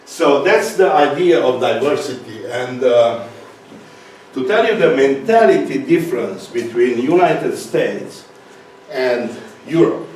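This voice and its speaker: A man's voice: medium pitch, lively intonation, a little mellow, far from the mic, slight background noise. Romanian-accented man in echoey hall. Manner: halting, restarts, frequent fillers. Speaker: speaker. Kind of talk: conference talk.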